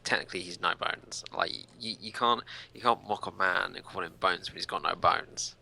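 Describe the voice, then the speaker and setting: A man's voice: low-pitched, normal speed, gravelly, pushed and bright. A man co-hosting a podcast in casual chat, teasing and mock-indignant. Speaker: podcast co-host.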